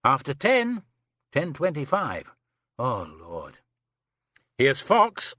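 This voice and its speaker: A man reading the part of a calm, courteous police inspector who asks measured, pleasant questions. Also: medium pitch, dry recording, clean studio sound, heavily acted. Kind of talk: audiobook character reading.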